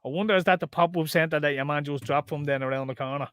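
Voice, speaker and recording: A man's voice: on the high side, fast talker, clean tone. A man co-hosting a casual podcast, telling stories with lots of swearing and imitated voices. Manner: swearing, animated storytelling with mimicked voices. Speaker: podcast co-host. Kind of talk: casual chat.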